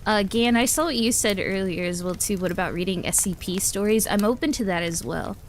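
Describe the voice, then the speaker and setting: Streaming from home, a woman with a medium-pitched, brisk voice chats casually with her live chat, rambling and giggling. She often restarts her sentences, and a faint hiss runs beneath her voice.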